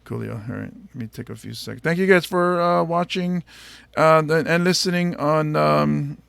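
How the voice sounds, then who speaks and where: Playful gravelly-voiced male podcast host. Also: on the high side, moderate pace, fairly bright tone, no room sound. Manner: playful, joking, slips into bits. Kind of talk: casual podcast chat.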